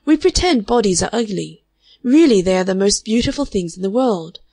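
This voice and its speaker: A woman's voice: medium pitch, lively intonation, brisk, dark tone, dry recording, clean studio sound. A woman reading an audiobook, voicing a frank, curious young woman who asks probing questions thoughtfully. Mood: earnest. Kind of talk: audiobook character voice.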